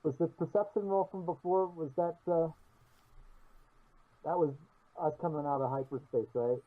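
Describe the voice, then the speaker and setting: A man playing a tabletop role-playing game, describing his actions haltingly with many restarts. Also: a little high, fairly even intonation, husky. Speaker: player. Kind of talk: casual play over an online call. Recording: tinny phone-like call audio.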